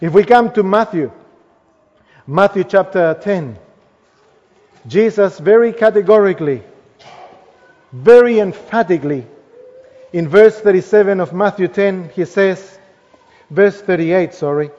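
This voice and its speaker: A man preaching a sermon in a church, speaking emphatically and letting his phrases trail off softly at their ends. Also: high voice, a little slow, pauses often. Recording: long hall reverb, dull lo-fi sound.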